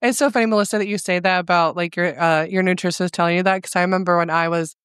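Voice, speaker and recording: A woman's voice: fairly low pitch, fairly even intonation, very fast, fairly bright tone, clear, resonant tone, no room sound, studio quality. A woman guest on a podcast, chatting casually and telling a story with dramatic quotes of herself.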